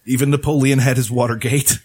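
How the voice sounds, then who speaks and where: A man's voice: mid-range voice, steady tone, brisk, a little mellow, breathy edge. A man co-hosting a casual comedy chat, joking, laughing often and swearing freely. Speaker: podcast co-host.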